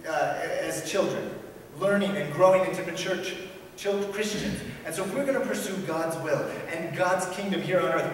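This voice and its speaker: A man preaching in a church sanctuary. His voice sits a little high and echoes off a long, reverberant hall. He is a fair way from the mic, with faint room noise behind him. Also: recorded from a distance. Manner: storytelling preacher, drops to a hush for suspense. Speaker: pastor. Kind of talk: sermon.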